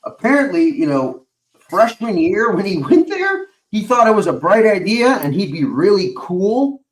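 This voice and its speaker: A man chats loosely on a live stream, swearing nearly every sentence and stumbling through fillers as he goes. His voice sits a little high for a man. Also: very animated, normal speed. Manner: rambling, swears constantly, many fillers. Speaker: stream host. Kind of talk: casual profane chat.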